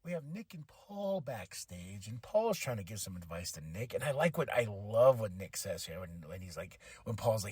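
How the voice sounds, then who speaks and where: A man hosting a podcast, casually recapping a wrestling show, animated and quick to laugh as he acts out what the wrestlers said. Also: fairly low pitch, breathy edge, no room sound. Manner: animated, acts out quotes in changing voices, laughs often. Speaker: podcast host.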